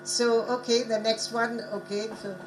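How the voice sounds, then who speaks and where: A woman's voice: a little high, flat delivery, measured pace, slight background noise, poor audio. Engaging woman leading a pronunciation workshop. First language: not English. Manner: engaging, asks the audience questions. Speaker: workshop presenter. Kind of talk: conference workshop talk on pronunciation. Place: conference hall.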